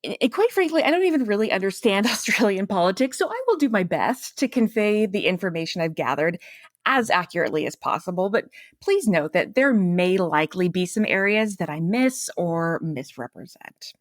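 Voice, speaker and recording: A woman hosts her podcast in scripted narration, chatty and self-deprecating, slipping in laughing asides. Her voice sits at an ordinary middle pitch. The sound is dry and close, with no room echo. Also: very animated, moderate pace. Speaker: podcast host.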